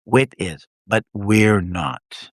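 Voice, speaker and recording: A man reading the lines of a mysterious woman time guardian, matter-of-fact and quietly insistent, in his low voice. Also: very slow, no echo, studio quality. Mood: calm.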